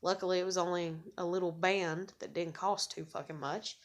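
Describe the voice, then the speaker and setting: A woman's voice: fairly low pitch, fairly even intonation, moderate pace. A woman unloads in a raw vlog rant, her talk thick with curses. She is blunt and bitter and stumbles back over her own words as she grows agitated. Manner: heavy swearing, bitter and blunt; repeats and restarts words when agitated. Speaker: vlogger. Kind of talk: angry ranting monologue to camera.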